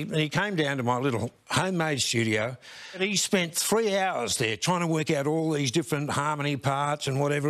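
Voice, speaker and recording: A man, a comedian telling a casual anecdote with animated voices. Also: a little high. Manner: animated storyteller, does voices, laughs.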